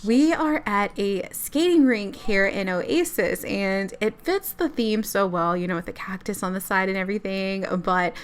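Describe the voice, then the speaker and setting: A woman's voice: mid-range voice, moderate pace, few pauses, clean tone. A young adult woman giving casual, chatty gameplay commentary on a life-sim game, laughing often. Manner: giggly, chatty. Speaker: let's play YouTuber.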